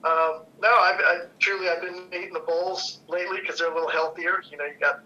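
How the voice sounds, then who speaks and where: A man who runs a brewery, chatting casually on a company podcast, relaxed and halting with fillers. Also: sits high. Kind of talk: casual chat. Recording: dull lo-fi sound.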